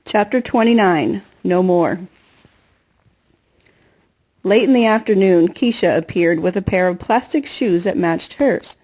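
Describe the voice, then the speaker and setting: Brief: woman audiobook narrator, steady and earnest, mid-pitched. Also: unhurried, pauses often. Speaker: audiobook reader. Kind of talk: first-person novel narration.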